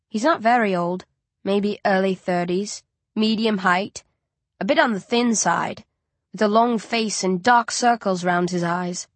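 A woman narrating a first-person story for an audiobook in a measured, tense storytelling voice. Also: medium pitch, no echo.

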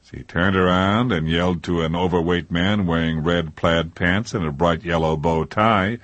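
Older male narrator, deadpan comic reader, deep and husky, dry studio sound. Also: normal speed, hardly any pauses, no echo.

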